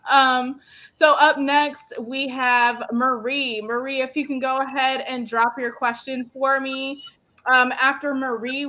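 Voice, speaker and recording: A woman's voice: a little high, fairly bright tone. A woman doing psychic card readings on a live stream, chatty and full of ums, calling viewers "my love".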